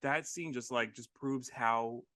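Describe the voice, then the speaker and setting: A man on a casual group chat, gushing with excitement. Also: medium pitch, a little slow, no echo. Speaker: podcast panelist.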